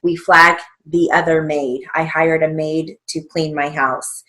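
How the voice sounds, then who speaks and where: Slow, deliberate woman dictating drills. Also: low-pitched, little pitch movement, fairly bright tone. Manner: deliberate, spells out letters, says punctuation aloud. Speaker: stenography theory instructor.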